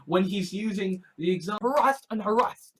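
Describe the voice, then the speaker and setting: A woman's voice: mid-range voice, moderate pace. A woman ranting in a vlog commentary, full of sarcastic mock outrage, repeated phrases and swearing. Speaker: online commentator.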